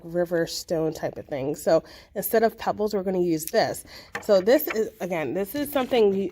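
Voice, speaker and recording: A woman's voice: mid-range voice, background noise. A young adult woman, a librarian, chatting and encouraging as she walks through a simple craft for kids. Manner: chatty and encouraging, with many fillers. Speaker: children's librarian hosting a craft video. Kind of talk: casual craft tutorial.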